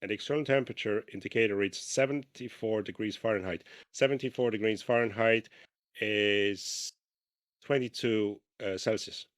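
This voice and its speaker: Low-voiced man reading a diary haltingly. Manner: reads haltingly with restarts, breaks off to comment. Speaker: podcast co-host. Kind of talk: casual podcast chat, reading a diary aloud.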